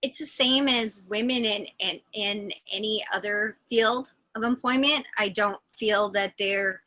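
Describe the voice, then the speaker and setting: A woman with a bright, forceful voice answers as an interview guest on a video call. She sounds firm and considered, restarting a phrase here and there as she makes her point. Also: medium pitch, a little slow, low-quality recording. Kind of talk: opinion in interview.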